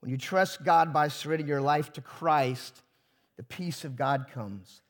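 A man's voice: on the high side, measured pace. A pastor preaching a sermon to his congregation, emphatic and full of rhetorical questions.

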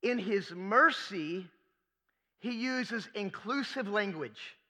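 A man's voice: high voice, lively intonation, slow pace, sharp tone. A man preaching a sermon as pastor, emphatic, asking rhetorical questions and repeating key phrases.

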